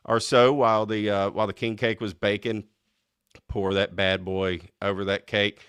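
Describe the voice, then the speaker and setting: A man from North Louisiana with a North Louisiana accent, hosting a casual chat show in an excitable, chatty way with frequent laughs. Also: lowish voice, clean tone, no echo, clean studio sound. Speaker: host.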